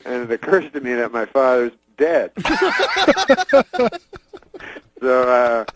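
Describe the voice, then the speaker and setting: A man's voice: mid-range voice, wildly swooping pitch, slow, no room sound, low-quality recording. A man comedian casually telling a long story, rambling with many fillers and frequent chuckles, on a remote call. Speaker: comedian guest.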